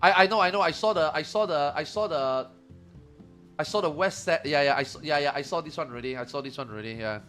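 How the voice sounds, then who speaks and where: Man in his 40s, high-pitched, bright tone, casual stream chat, animated, quick to laugh. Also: soft background music. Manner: animated, laughing, mocking slang in comic voices.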